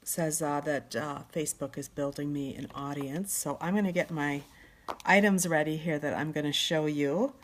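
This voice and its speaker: A woman's voice: low-pitched, moderate pace, slight background noise. A woman hosting a casual live-stream makeup tutorial, her voice nasal from a sinus infection, chatty and friendly, often searching for words. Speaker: makeup consultant.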